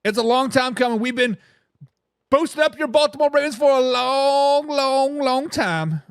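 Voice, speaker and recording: A man hosting a live sports talk show, reading fan comments and ranting in a casual, animated way. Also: very high voice, normal speed, no echo.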